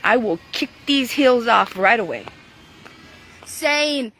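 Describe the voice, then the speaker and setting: A high-pitched woman with a bright, sharp edge to her voice, on an angry livestream rant outdoors. She is confrontational and swears. She often breaks into shouting. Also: lively intonation, slow pace, long pauses, no echo. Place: outdoors in front of her house.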